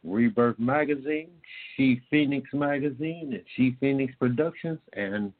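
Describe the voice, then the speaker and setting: A man's voice: mid-range voice, a little slow. A man from Indiana hosting a talk-radio show in a casual, rambling way, full of fillers. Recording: tinny phone-line sound.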